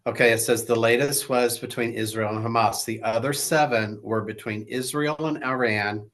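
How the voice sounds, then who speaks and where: A man's voice: mid-range voice, fairly even intonation, moderate pace, fairly bright tone. A man co-hosting a political podcast, speaking bluntly and stumbling over names as he reads items aloud. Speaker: podcast co-host. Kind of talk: casual political chat.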